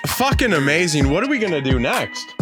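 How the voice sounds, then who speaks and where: A man's voice: fairly high pitch, very animated, a little fast, loud music behind the voice. A man hosting a comedic podcast with rambling, jokey banter and a mock-salesman patter. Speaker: podcast host.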